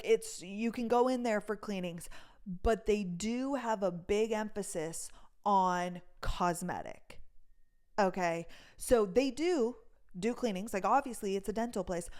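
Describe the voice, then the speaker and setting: A woman's voice: medium pitch, darkish tone. A young woman vlogger telling a story in casual chat, full of fillers and swearing, acting out what others said.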